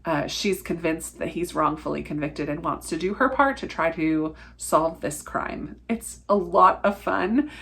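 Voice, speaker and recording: A woman's voice: on the low side, a bit bright. A woman talking casually about books she has read, candid and chatty, laughing often and trailing off mid-thought. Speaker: book reviewer. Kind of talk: casual book review vlog.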